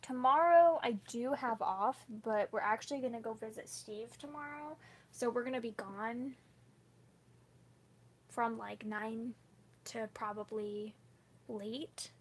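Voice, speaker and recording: A woman book vlogger chatting casually with her viewers, full of "like" fillers and quick laughs. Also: fairly high pitch, slight background noise. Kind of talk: casual live chat with viewers.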